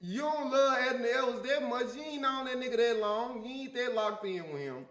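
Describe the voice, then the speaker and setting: A man with a Memphis accent, co-hosting a live reaction stream, talking loud and profane in heated casual banter. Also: extremely high pitch, lively intonation, fairly quick, roomy sound. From Memphis, USA. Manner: loud, big-mouthed, profane, argumentative.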